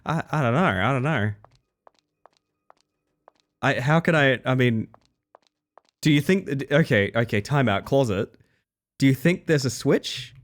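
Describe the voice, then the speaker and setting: A man's voice: medium pitch, expressive, takes it slowly, long pauses. Australian man chatting on a livestream. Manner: rambling, self-interrupting, casual swearing. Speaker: game streamer. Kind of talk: casual live-stream chat.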